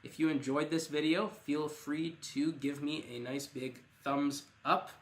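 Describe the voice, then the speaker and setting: A man teaching an online English lesson, reading example sentences slowly and clearly and explaining what they mean. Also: on the high side, flat delivery.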